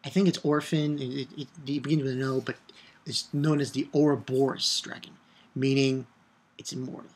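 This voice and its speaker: A man giving a casual video review of an anime episode, excitable and rambling, swearing and shouting out his own reactions. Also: mid-range voice, moderate pace, slightly rough. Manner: rambling with restarts and filler.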